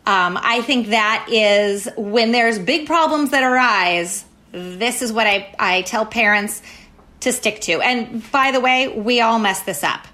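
A woman giving parenting advice as a guest, speaking with energy and emphasis. Her voice sits a little high, and she comes back again and again to a short catchphrase. She sounds like an experienced educator coaching parents. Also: slow. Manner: energetic, emphatic, repeats key phrases. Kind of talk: advice talk.

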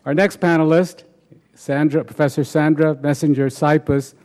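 A man's voice: fairly high pitch, fairly even intonation, a little slow, darkish tone. A man moderating an academic panel, formally introducing the next speaker from a prepared biography.

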